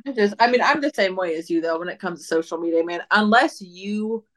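A woman's voice: medium pitch, brisk, a bit bright. A woman guest on a podcast, chatting casually, agreeing and speaking frankly with some swearing.

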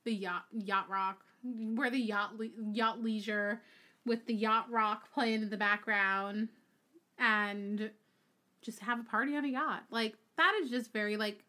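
Bright-voiced young woman podcaster. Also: a little high, unhurried. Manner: relaxed, agreeable, filler-heavy. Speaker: podcast co-host. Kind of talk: casual chat.

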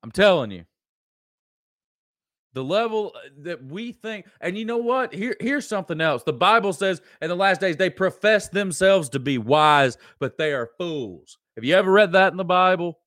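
A man's voice: high-pitched, lively intonation, moderate pace, a bit bright, dry recording, clean studio sound. Preachy Southern man ranting. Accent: Southern American. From American South. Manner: preachy, emphatic, repeats lines for effect. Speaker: host. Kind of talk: ranting live-stream commentary.

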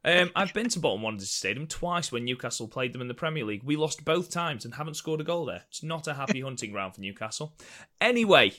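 A man talks through a wrestling show in casual podcast chat. He is jokey and loose and swears now and then. His voice is bright and forward, at a middling pitch. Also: expressive, fast talker. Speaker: podcast co-host.

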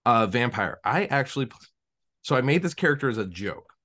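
Animated man telling rambling stories. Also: mid-range voice, brisk. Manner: animated storyteller who acts out quoted voices; rambling with frequent restarts. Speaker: podcast co-host and game master. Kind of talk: casual podcast chat.

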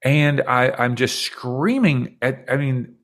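A man in his forties, appearing as a podcast guest, speaks slowly in a somewhat bright voice. In conversation, he earnestly and reflectively recounts a deeply personal experience.

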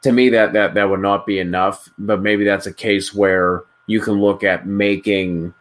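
A man's voice: on the low side, level tone, unhurried. A man co-hosting a fantasy sports podcast, talking loosely with many fillers like "like" and "you know". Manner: rambling, lots of "like" and "you know". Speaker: podcast co-host. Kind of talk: casual podcast chat.

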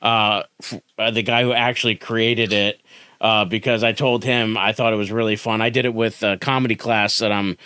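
A man's voice: on the low side, normal speed, clear, resonant tone, no room sound. Man, podcast co-host, playful rambling riffs, dry close sound. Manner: rambling, playful deadpan riffing. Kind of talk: comedic improv pitch, casual chat.

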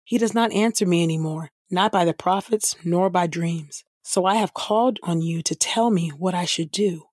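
A woman's voice: lowish voice, moderate pace, darkish tone, no echo, studio quality, natural voice. A desperate frightened king, read by a woman. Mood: troubled.

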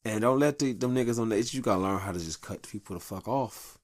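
A man's voice: fairly low pitch, quick pace, dry recording, clean studio sound. Guy on his podcast ranting advice, cussing a lot, blunt and worked up, home mic. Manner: profane, blunt, animated storytelling. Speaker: podcast host. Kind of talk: casual monologue, advice rant.

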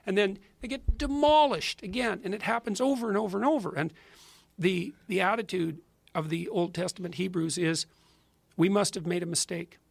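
A man's voice: high-pitched, normal speed, creaky, no room sound. A man with a Canadian accent answering an interview question in an earnest, emphatic way, often repeating himself. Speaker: psychologist in an interview clip.

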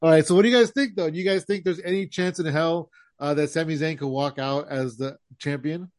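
A man's voice: on the high side, brisk, darkish tone, dry recording, studio quality. A man co-hosting a casual chat, opinionated and joking.

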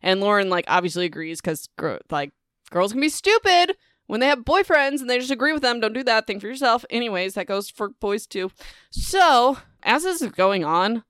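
A woman's voice: a little high, a bit bright, clear, resonant tone, dry recording, studio quality. Chatty young woman recapping a book. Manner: chatty, heavy use of "like" and "whatever", sarcastic asides. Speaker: podcast host recapping a novel.

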